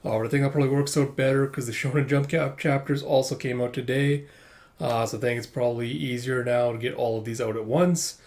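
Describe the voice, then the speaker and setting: A man's voice: medium pitch, fairly even intonation, a little fast, a little mellow. A man chatting casually through a manga chapter, often laughing and swearing offhandedly. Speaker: manga reviewer.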